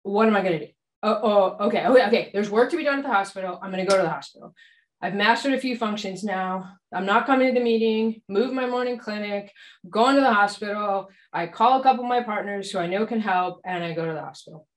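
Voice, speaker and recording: A woman's voice: mid-range voice, quick pace. A woman doctor telling a true personal story at a live storytelling event, acting out her own panicked quotes. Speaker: doctor and practice manager. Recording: echoey live venue.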